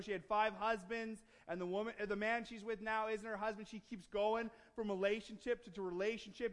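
High-pitched guy preaching, chatty and joking, then really building it up. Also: a bit bright. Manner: conversational, rising to emphatic preaching, with jokes. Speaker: pastor. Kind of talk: sermon. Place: church.

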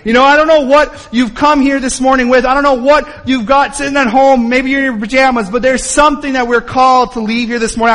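A man with a high voice preaches a sermon from the front of a church. He talks earnestly and swings his emphasis up and down. His voice trails off in a long hall reverb. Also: a bit bright. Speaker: pastor. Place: church sanctuary.

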